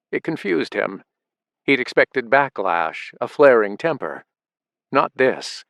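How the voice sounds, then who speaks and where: A man reading an audiobook in steady, measured narration. His voice sits at a middle pitch. The recording is dry, with no room sound. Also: gravelly, no echo. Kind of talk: scripted narration.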